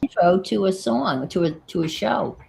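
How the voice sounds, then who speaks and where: A woman's voice: mid-range voice, animated, moderate pace, vocal fry, mellow, a little hiss or hum, rough recording. A woman co-hosting a casual crafting stream, easygoing and playful. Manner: easygoing, playful, jokey asides. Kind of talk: casual chat.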